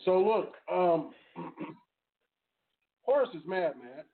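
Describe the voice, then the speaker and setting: A man's voice: high voice, expressive, takes it slowly. A man hosting a casual sports podcast, laid-back and slangy, introducing clips. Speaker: podcast host. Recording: phone-like podcast audio.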